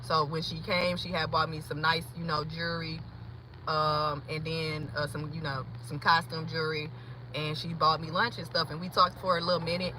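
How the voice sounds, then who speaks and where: A woman's voice: deep voice, level tone, normal speed, poor audio. A woman talking casually in a rambling, chatty way with a valley-girl lilt while she drives and vlogs from her car. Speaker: vlogger. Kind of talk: casual chat vlog while driving. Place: inside a car on the road. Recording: loud traffic and road noise.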